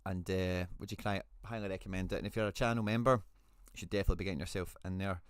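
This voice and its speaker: A man's voice: deep voice, fairly even intonation, very fast, dry recording, clean studio sound. A man hosting a casual live stream, chatting with viewers and thanking them as he reads out their messages. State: a bit out of breath.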